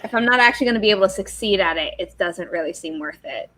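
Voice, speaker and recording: A woman's voice: medium pitch, lively intonation, fast talker, fairly bright tone, rough recording. A woman hosting a livestream, chatting casually and rambling from one story to the next. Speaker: livestream host. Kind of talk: casual chat.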